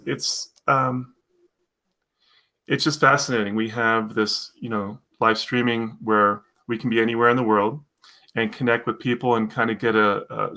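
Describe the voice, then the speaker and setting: A man's voice: medium pitch, sharp tone. An American man co-hosting a live stream, chatting casually in a rambling way and reading out viewer comments. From United States.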